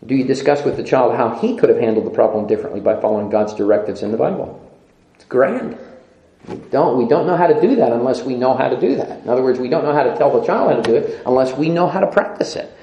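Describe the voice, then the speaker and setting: A man's voice: mid-range voice, lively intonation, quick pace, mellow. A middle-aged man preaching a sermon, emphatic, repeating phrases and laughing often. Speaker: pastor. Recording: echoey room.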